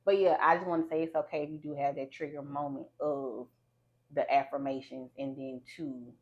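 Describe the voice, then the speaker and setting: A woman podcast host telling an animated personal story in casual chat. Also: low-pitched, moderate pace. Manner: animated storyteller, lively quoted voices. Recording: slightly dull lo-fi sound.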